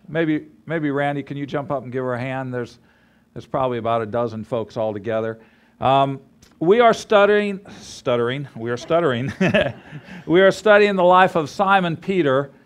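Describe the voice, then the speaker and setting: A man's voice: on the high side, smooth. Guy preaching, storytelling style, doing little voices for people in the story. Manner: animated storyteller, acts out dialogue. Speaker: ministry leader teaching a course. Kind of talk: sermon with storytelling.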